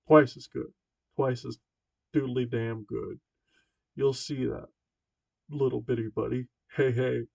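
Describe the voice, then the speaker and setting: Male reader doing a loud, forced-jolly gym coach dad; gravelly, bellowing. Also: medium pitch, monotone, moderate pace, few pauses, dry recording, dull audio. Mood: hearty. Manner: bellowing hearty pal voice. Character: bellowing nervous middle-aged gym-teacher dad.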